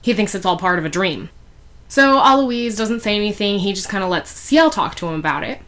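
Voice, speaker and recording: A woman's voice: medium pitch, expressive, brisk, fairly bright tone. Chatty woman reviewer, casual recap, filler-heavy, giggly asides. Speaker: fan fiction reviewer.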